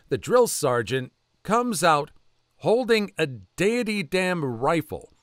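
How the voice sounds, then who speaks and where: A man reading online stories aloud as narrator, with quick asides of his own between them. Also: a little high, dry recording, clean studio sound. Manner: animated storytelling with quick asides. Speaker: story narrator.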